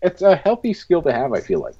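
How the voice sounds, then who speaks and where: A man co-hosting a podcast in loose casual chat, swearing freely and telling animated stories. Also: on the high side, fairly quick, lo-fi sound, a little hiss or hum. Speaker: podcast co-host.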